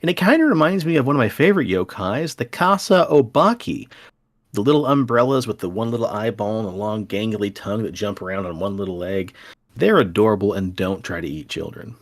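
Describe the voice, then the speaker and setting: A male podcast host who tells folk tales with playful drama. His voice swoops up and down with lively inflection, and he leans into the spooky parts of the story. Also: on the low side, a little fast.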